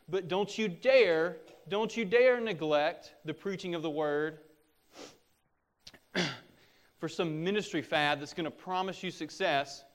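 A middle-aged man delivers a sermon from the pulpit. His voice sits a little high for a man. He speaks earnestly and exhorts his listeners, pressing harder when he warns them. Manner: earnest, exhorting, with rising intensity on warnings. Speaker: pastor.

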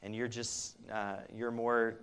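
A man's voice: mid-range voice, level tone, takes it slowly, a bit bright, smooth. A man preaching a sermon, speaking earnestly and directly to his listeners, often restarting his sentences. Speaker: pastor.

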